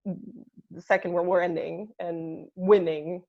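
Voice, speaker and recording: A woman's voice: on the low side, fairly even intonation, slow, vocal fry, highs cut off. A woman from Russia with a Russian accent, a comedian talking bluntly in a casual interview, swearing freely and laughing between points. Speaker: comedian guest.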